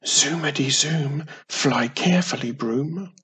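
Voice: mid-range voice, very animated, unhurried, breathy edge, heavily acted. A reader voicing a young witch in a storybook who scolds her cousin and soothes a baby dragon. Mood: soothing. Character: bossy yet tender young witch woman. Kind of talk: storybook reading.

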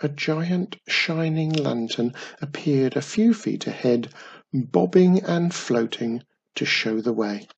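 A man narrating a children's story in a gentle, expressive way. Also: medium pitch, slow pace, gravelly, husky, muffled recording.

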